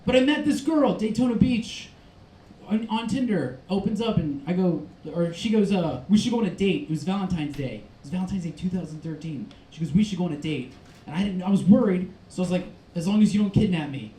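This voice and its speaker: Brief: man, stand-up comic, high voice, manic storyteller, echoey club room. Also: lively intonation, fairly quick. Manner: manic storytelling, shouted asides. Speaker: stand-up comedian. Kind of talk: stand-up set. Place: comedy club stage.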